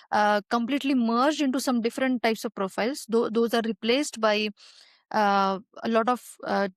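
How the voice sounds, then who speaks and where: A woman's voice: a little high, dry recording. A woman guest expert answering interview questions in a hesitant way, with many fillers and restarts.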